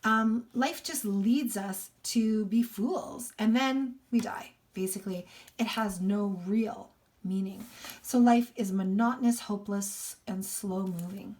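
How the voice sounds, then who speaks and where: A woman's voice: mid-range voice, takes it slowly, a little mellow. Woman teacher explaining casually. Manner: casual explaining with many fillers. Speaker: English teacher. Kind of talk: literature lesson.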